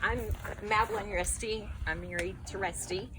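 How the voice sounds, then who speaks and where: A woman's voice: medium pitch, fairly even intonation, normal speed, very noisy. A middle-aged woman giving a eulogy for her father-in-law, fondly reminiscing with laughs between memories. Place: memorial service.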